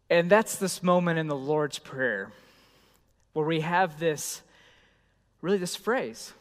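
A middle-aged man preaching a sermon and telling a lively, self-deprecating personal story. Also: sits high, measured pace. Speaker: pastor. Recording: long hall reverb.

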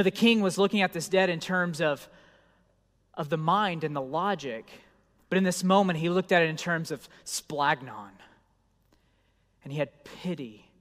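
A man preaching a sermon, telling a story in a conversational voice that swings between loud and hushed. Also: fairly high pitch, in a large hall. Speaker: pastor.

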